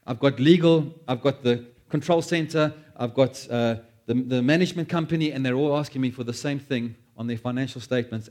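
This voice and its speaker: A man preaching a sermon, animated, acting out quoted prayers and joking at his own expense. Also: medium pitch. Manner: animated, acts out quoted prayers, self-deprecating asides. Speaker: pastor.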